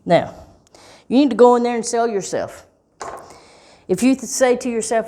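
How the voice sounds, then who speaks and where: A woman teaching English in a clear, deliberate way, stretching key words and checking in with "okay?" and "right?". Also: fairly high pitch, warm tone. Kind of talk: slow, clear teaching talk.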